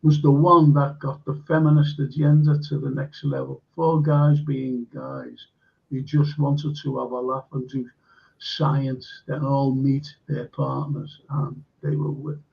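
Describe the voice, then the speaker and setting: A man's voice: mid-range voice, flat delivery, unhurried, vocal fry. A man hosting a live stream, reading viewer comments aloud and chatting casually with fillers. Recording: dull lo-fi stream audio.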